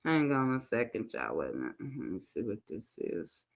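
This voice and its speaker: A woman's voice: very deep voice, sing-song, moderate pace, gravelly. A woman hosting a commentary channel, reading text messages aloud and breaking in with her own casual remarks. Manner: reads texts aloud with side remarks, African American Vernacular English grammar.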